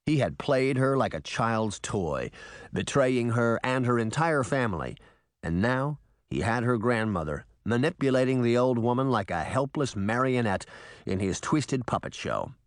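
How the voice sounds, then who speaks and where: A man narrates an audiobook with an expressive, storytelling delivery. His pitch is medium and his pace normal, recorded in studio quality with no room sound. It's scripted narration.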